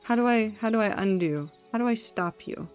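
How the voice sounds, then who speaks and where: A woman live-streams while building in a game, talking partly to herself and partly to her chat as she thinks aloud. Her mid-range voice is smooth and a little fast, with faint music behind her. She gets excitable and over-dramatic about small discoveries.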